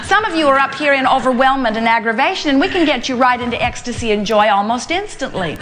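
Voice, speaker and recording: A woman's voice: high-pitched, expressive, fast, fairly bright tone. An older woman giving an emphatic inspirational talk to a live audience, speaking as "we" and building her points through repetition. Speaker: spiritual speaker addressing an audience.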